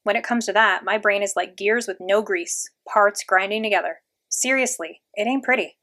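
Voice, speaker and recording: A woman reads as a laid-back teenage boy who tinkers with cars, a big brother in a storybook, easygoing and joking with his little sister. He sounds mildly lively and a touch raised, never pushy. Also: mid-range voice, normal speed, lightly acted.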